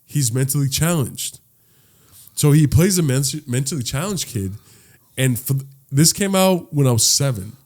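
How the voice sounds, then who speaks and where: A man co-hosting a casual podcast, talking excitedly and swearing freely as he tells stories. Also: medium pitch, moderate pace. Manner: excitable, swears freely, ramps up loud when animated. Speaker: podcast co-host. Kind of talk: casual chat.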